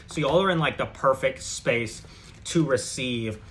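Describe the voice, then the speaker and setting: A man's voice: mid-range voice, a little slow, a bit bright, a little hiss or hum. A man giving a casual tarot reading, talking loosely and swearing often, with many fillers and restarts. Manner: loose and profane, heavy with fillers. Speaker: tarot reader.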